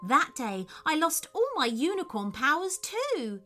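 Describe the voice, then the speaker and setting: A woman voicing a gentle, charming male unicorn in a storybook reading, speaking high and sweet. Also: big pitch swings, a little slow, soft background music, exaggerated voice. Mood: sad.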